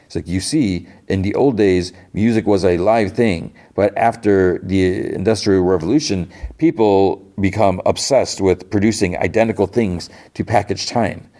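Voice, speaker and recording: A man's voice: low voice, fairly even intonation, normal speed, few pauses, dark tone. A man hosting a podcast, recapping an episode in a rambling casual way, full of fillers and restarts, briefly acting out quoted lines. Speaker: podcast host.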